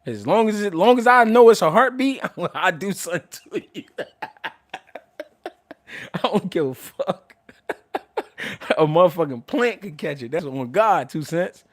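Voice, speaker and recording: Loud, animated man talking casually. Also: sits high, measured pace, long pauses. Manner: loud, animated, laughs often, swears freely. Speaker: boxing commentator and show host. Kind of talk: casual livestream talk.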